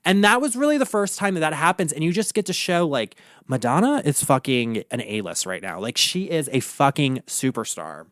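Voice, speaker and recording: A man's voice: fairly high pitch, sing-song, moderate pace, few pauses, a bit bright, dry recording, studio quality. Campy, profane drag queen man with Baltimore accent. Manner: campy, profane, chatty with many "like" fillers. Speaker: drag queen podcast host. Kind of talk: casual solo rant.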